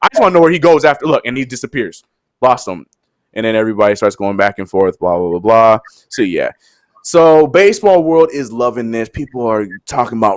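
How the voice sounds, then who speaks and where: A man co-hosting a live sports show, chatting casually and animatedly and mimicking people in high voices. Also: very animated, fairly quick, dry recording, clean studio sound.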